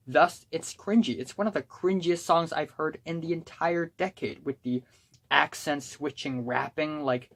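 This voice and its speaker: A young adult music reviewer holding forth in an unscripted, casual style. The delivery is blunt and exasperated, like someone ranting about records they can't stand. The voice sits at a middling pitch. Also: a bit bright. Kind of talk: casual spoken album review.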